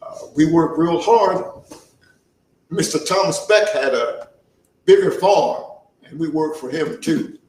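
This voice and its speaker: A storyteller playing an earnest, plainspoken young farmhand turned soldier, spinning his tale in a folksy dialect. His voice sits fairly high and moves slowly, taking its time over each memory. It sounds roomy and a little distant from the mic. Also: animated, darkish tone. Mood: reminiscing. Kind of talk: first-person historical storytelling in character.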